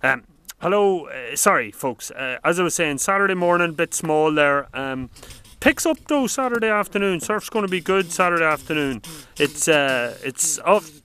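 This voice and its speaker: A man's voice: fairly high pitch, animated, moderate pace, pushed and bright. A man hosting a comedic video surf report outdoors in front of a lodge, rambling and flustered, full of fillers and restarts. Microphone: camera on a stand.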